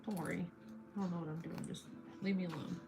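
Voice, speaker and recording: A woman's voice: on the low side, fairly even intonation, fast talker, gravelly, background noise. A woman co-hosting a casual build stream, teasing and exasperated, often laughing. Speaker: co-host. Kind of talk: casual chat while building.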